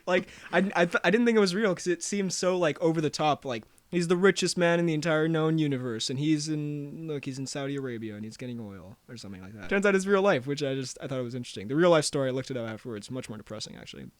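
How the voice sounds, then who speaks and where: A young man co-hosting a podcast, rambling through quick reviews with self-mocking jokes and frequent laughs. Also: on the high side, no echo. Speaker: podcast co-host. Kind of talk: casual chat, quick reviews.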